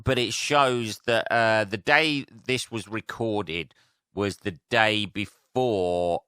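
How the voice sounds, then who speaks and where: A man's voice: on the low side, slow, sharp tone, clean tone, dry recording, studio quality. A young man hosting a solo podcast, rambling and swearing as he tells jokey stories. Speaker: podcast host. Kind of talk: casual solo podcast rant.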